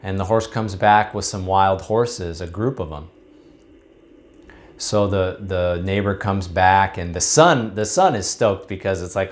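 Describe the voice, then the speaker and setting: A man's voice: low voice, unhurried. A man, a recovery coach, talking casually to camera and telling a story in a conversational way.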